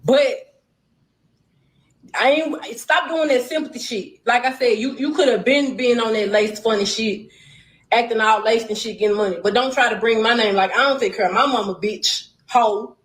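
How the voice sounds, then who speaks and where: A woman's voice: a little high, moderate pace, roomy sound, rough recording. A woman talking bluntly on a casual livestream, heated and cursing. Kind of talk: casual livestream and phone talk.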